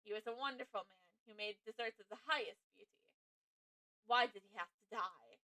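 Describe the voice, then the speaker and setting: A woman's voice: on the high side, brisk, pushed and bright, poor audio. A woman voicing an earnest, grieving male pastry contestant who speaks politely.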